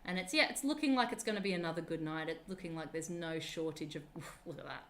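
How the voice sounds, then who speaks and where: A woman's voice: deep voice, fast talker, a bit bright. Chatty upbeat woman presenter. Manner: chatty and upbeat, talking to children watching. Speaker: live-stream presenter at a penguin nature park. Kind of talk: casual live-stream commentary.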